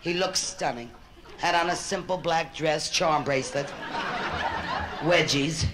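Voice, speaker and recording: A woman's voice: sits low, a little slow, background noise. A woman from Connecticut doing a brassy, wisecracking stand-up routine and teasing her live audience. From Connecticut, USA. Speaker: comedian. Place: stage show before a live audience. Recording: roomy live show recording with band music.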